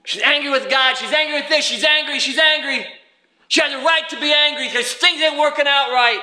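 High, bright-voiced preacher in a roomy space. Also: male voice, a little fast. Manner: animated preaching with rhetorical questions and acted-out quotes. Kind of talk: sermon.

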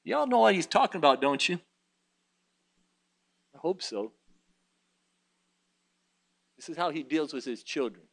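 A man's voice: on the high side, big pitch swings, unhurried, gravelly, pauses often, a bit bright. A man preaching a sermon, reading scripture aloud and driving his points with rising intensity. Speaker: pastor.

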